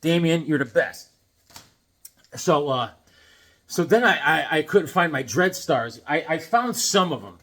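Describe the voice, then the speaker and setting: Brief: man comics vlogger, loose rambling show-and-tell with silly asides, voice a touch high. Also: lively intonation, a little slow, long pauses, a bit bright. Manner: rambling, jokey, lots of restarts and silly asides. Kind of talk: casual show-and-tell chat.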